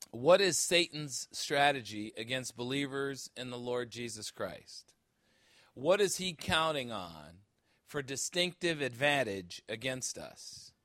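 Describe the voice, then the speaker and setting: A pastor from Chicago preaches into a handheld mic, firing one rhetorical question after another. His voice is bright and forceful. The sound is close and dry. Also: medium pitch, dry recording. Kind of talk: sermon. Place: church. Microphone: handheld microphone.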